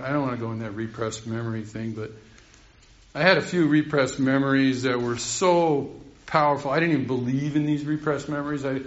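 An older man rambling through a heartfelt recovery share, laughing often. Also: medium pitch. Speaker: speaker sharing at a recovery meeting. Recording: roomy, dull recording.

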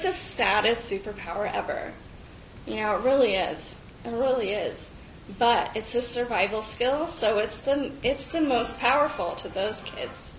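A woman sharing a personal story in a halting, reflective way, with many fillers and restarts. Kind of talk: personal testimony. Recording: dull roomy recording with faint rumble.

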